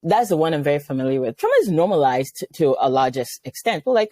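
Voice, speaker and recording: Low-voiced animated woman psychiatrist. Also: fast, few pauses, no room sound. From Nigeria. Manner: animated, storytelling, acts out quoted voices. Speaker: psychiatrist guest. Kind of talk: conversational interview.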